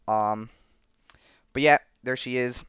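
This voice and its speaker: A man's voice: mid-range voice, fairly even intonation, slow, fairly bright tone, clear, resonant tone, no echo. A male podcast host casually recapping a comic story, rambling with lots of fillers, on a slightly muffled recording. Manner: rambling, filler-heavy, says "you know" and "right".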